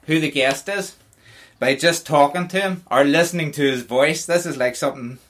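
A man's voice: fairly high pitch, moderate pace, fairly bright tone. A man with a Northern Irish accent hosting a podcast, joking and laughing as he chats. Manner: jokey, laughing, rambling. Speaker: podcast host. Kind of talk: casual chat.

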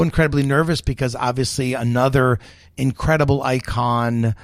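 A man's voice: medium pitch, moderate pace, no room sound, studio quality. A middle-aged American man, a chef and guest, telling long stories with fillers and acted quotes. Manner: animated storyteller, many fillers, quotes others. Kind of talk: storytelling interview chat.

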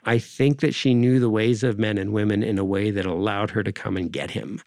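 A man's voice: lowish voice, fairly even intonation, brisk, darkish tone, dry recording, studio quality. A man speaking as an interview guest in a discursive, conversational way, often adding "right?" and "you know".

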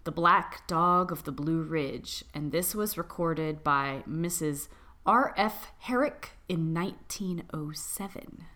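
A woman co-hosting a podcast, chatting casually and giggling, who reads an old legend in a hushed, creepy storytelling voice. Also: low-pitched, slow. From Appalachia. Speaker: podcast co-host. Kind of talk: casual chat and spooky storytelling.

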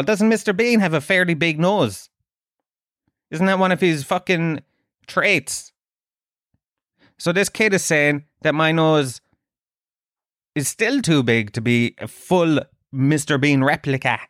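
A man's voice: fairly high pitch, measured pace, pauses often, a bit bright, dry recording, studio quality. A middle-aged Irish man from Dublin hosting a podcast, telling self-mocking comic stories full of swearing. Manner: sweary, self-mocking storytelling with put-on voices. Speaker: podcast host. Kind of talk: comic monologue.

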